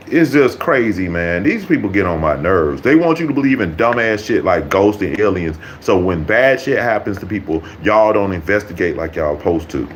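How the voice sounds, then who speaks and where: A man with a deep, low voice delivers a profane vlog rant. His talk is blunt and mocking, packed with curses, and a faint hiss of noise sits under it. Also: low-quality recording. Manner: blunt, mocking, swears constantly. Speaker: YouTuber.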